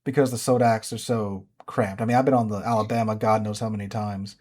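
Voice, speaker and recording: A man's voice: fairly low pitch, steady tone, a little fast, darkish tone. A man co-hosting a casual gaming podcast, easygoing, mostly chiming in with short agreeing replies. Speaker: podcast co-host.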